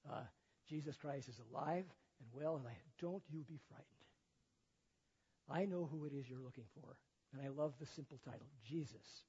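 In an echoey hall, captured with dull, lo-fi audio, an older man delivers a sermon and retells a Bible story conversationally and folksily, chuckling often at what he says. His voice is mellow and fairly high-pitched, with a breathy edge.

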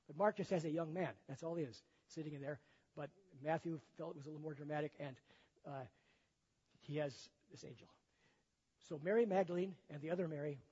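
A man's voice: a little high, mellow, breathy edge. An older man preaching a sermon and retelling a Bible story in a folksy, conversational way, often chuckling at his own remarks. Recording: echoey hall, dull lo-fi sound.

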